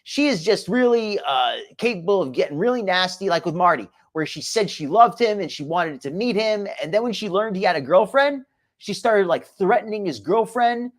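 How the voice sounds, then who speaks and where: A man's voice: sits high, animated, moderate pace. A man hosting a commentary show, talking casually and rambling, often repeating his words.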